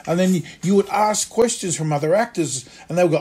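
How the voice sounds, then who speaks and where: Husky man telling stories. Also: high-pitched, fairly quick. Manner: lively, acts out quoted voices. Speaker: actor and acting teacher. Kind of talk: conversational storytelling interview.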